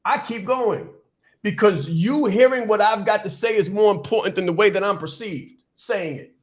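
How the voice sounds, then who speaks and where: Fast, fired-up motivational man. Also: high voice. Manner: fast, repetitive, emphatic preaching. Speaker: podcast host and business coach. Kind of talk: motivational speech.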